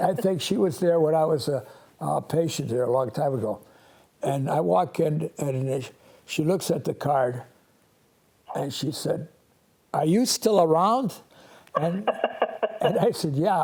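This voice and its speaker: Fairly high in pitch, warm and husky with vocal fry, an elderly priest in his eighties tells stories on his call-in show. He stumbles along in a rambling way, restarting and chuckling frequently.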